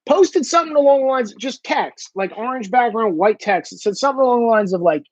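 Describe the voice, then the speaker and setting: A man's voice: extremely high pitch, lively intonation, brisk, few pauses, no echo. A man hosting a ranting commentary monologue, profane and mocking, with a slightly dull lo-fi sound. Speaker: host.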